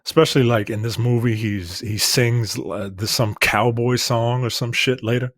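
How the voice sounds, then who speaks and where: A man's voice: mid-range voice, steady tone, moderate pace, no echo, studio quality. Blunt, rambling man talking movies. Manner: blunt, profane, rambling with fillers. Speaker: podcast co-host. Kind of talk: casual film review chat.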